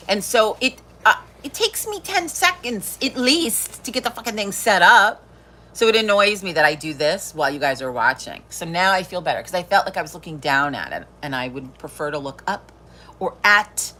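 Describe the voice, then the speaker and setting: A woman's voice: mid-range voice, pushed and bright. A middle-aged woman hosting a live stream, chatting casually, swearing freely and laughing often. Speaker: livestream host.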